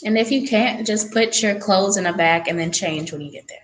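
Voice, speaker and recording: A teenage girl co-hosting a radio talk show, relaxed and practical as she gives advice. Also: medium pitch, a little fast, poor audio. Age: teens. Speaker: teen radio co-host. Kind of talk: casual radio chat.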